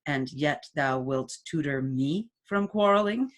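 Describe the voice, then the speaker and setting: Woman reading Mercutio, quarrelsome young man, sarcastic, lowish voice, slow, lively pitch. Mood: mocking. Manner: sarcastic, drawn-out delivery. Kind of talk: casual read-aloud of a play.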